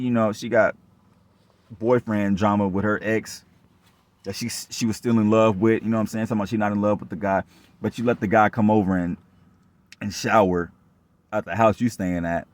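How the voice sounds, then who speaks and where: A young man telling his own story in a rambling, repetitive, profane rant, sounding aggrieved and distrustful. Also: lowish voice. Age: young adult. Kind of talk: casual rant monologue.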